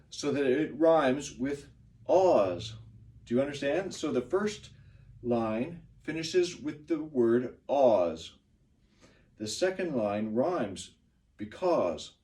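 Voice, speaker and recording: A man teaching a pronunciation lesson to learners, speaking slowly and deliberately with encouragement. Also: mid-range voice, warm tone, recorded from a distance. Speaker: English teacher.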